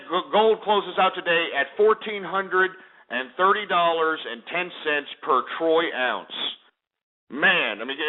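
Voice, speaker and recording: A male talk-radio host rants through market commentary, swearing freely and getting worked up. His voice sits fairly high. The sound is thin and boxy, like a phone line. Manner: profane, fired-up ranting. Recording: tinny phone-like audio.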